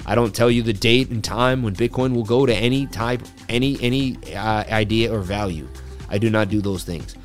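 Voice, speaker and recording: A man's voice: lowish voice, normal speed, soft background music. A man hosting a casual market analysis livestream, joking loosely and riffing as he talks through the charts. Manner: loose, jokey, riffs and repeats himself. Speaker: crypto livestream host.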